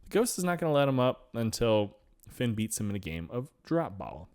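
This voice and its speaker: A man co-hosting a podcast in loose, casual chat, his pitch swinging widely as he recaps scenes. He laughs often and jumps into characters' lines with animated put-on voices. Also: normal speed. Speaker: podcast co-host.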